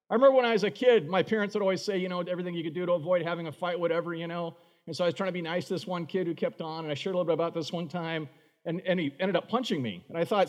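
High-voiced man preaching in a reverberant hall. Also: fast talker. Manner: conversational preaching, acts out quoted voices with big pitch jumps. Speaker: pastor. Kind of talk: sermon.

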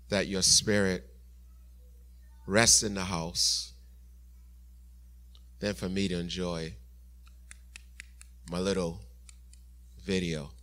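A pastor preaching a sermon and telling a story, animated, with sudden soft, quiet asides. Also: male voice, sits low.

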